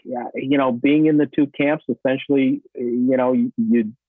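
A man's voice: medium pitch, fairly even intonation, normal speed, no echo. A man, an actor guest, chatting casually in an interview, rambling with many fillers and restarts. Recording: tinny phone-like line, dry.

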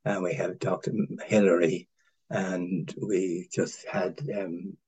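An older man from Ireland, a former honorary consul, telling long anecdotes in a halting way, with many restarts and chuckles. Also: low voice, flat delivery, darkish tone, husky, low-quality recording. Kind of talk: rambling anecdotal conversation.

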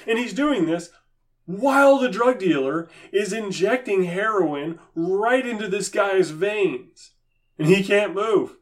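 A man giving impassioned religious commentary, sarcastic and emphatic in a preachy manner. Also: high-pitched. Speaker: Christian commentator.

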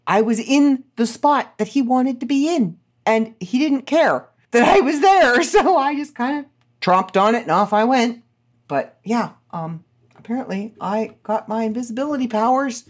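A woman hosting her podcast, telling stories in an animated, sarcastic, ranting way. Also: on the high side, normal speed. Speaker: podcast host. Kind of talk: casual chat.

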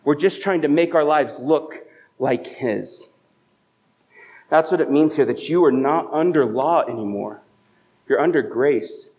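A male pastor preaches a conversational sermon at a church service, telling stories and posing rhetorical questions. His voice is a little high, a little slow and slightly mellow, and the recording sounds dull and muffled.

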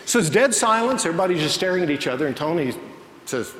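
Animated pastor in an echoey hall. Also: male voice, fairly high pitch, fast talker, slight background noise. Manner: animated, acts out quoted voices in the story. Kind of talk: sermon storytelling. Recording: echoey church hall, faint ambience.

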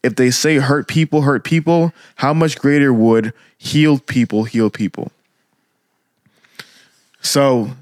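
An earnest man co-hosting a podcast, encouraging listeners in a preachy, heartfelt way. His voice sits at a middle pitch. The sound is dry and close to the mic. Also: dry recording. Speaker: podcast co-host. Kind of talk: casual podcast talk.

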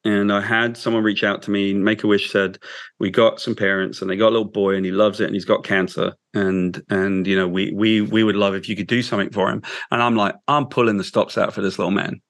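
A man, a guest in an interview, telling an emotional story in a halting, heartfelt way. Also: fairly low pitch, level tone, no room sound. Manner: halting, with restarts, soft and heartfelt.

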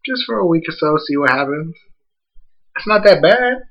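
A man's voice: fairly high pitch, expressive, normal speed, lo-fi sound. A man hosting a casual podcast chat, ranting bluntly with plenty of profanity, a bit congested. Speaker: podcast host.

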